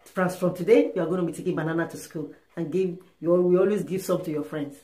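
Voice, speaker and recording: A woman performs a sweet-talking, contented wife whose voice drops lower and softer as she coos over her family. The delivery is affectionate and gentle. It is heard in a room with noticeable echo. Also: fast talker, close to an everyday voice. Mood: cooing. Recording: roomy echo.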